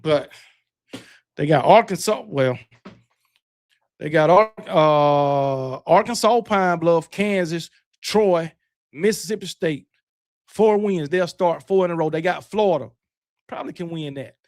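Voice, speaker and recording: Guy w a high voice rambling about football to his chat, keeps correcting himself. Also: unhurried, long pauses, darkish tone. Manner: rambling, self-correcting, talks back to chat; boastful sports banter. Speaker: livestream host. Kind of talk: casual chat with live viewers.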